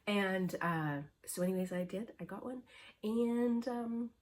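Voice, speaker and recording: A woman's voice: mid-range voice, unhurried. A middle-aged woman vlogging about cross-stitch in a casual, rambling chat full of fillers. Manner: rambling, chatty storytelling with many fillers.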